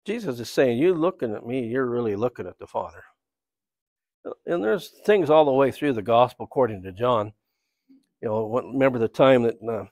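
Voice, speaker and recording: A man's voice: mid-range voice, dry recording. Rambling storytelling man at church. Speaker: church speaker. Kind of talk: anecdotal sermon talk.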